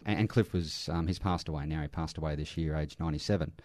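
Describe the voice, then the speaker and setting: In a conversational interview, a middle-aged Australian man, an army veteran now in aged care, earnestly shares anecdotes, often restarting sentences and laughing lightly. His voice is a rumbling low one, quick and darkish, with no room sound.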